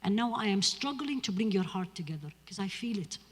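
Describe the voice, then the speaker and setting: Woman lecturer, English speaker, husky timbre, emphatic mosque talk, long hall reverb. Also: mid-range voice, lively intonation, a little fast. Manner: earnest, emphatic, direct address to audience. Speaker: lecturer on Islamic spirituality.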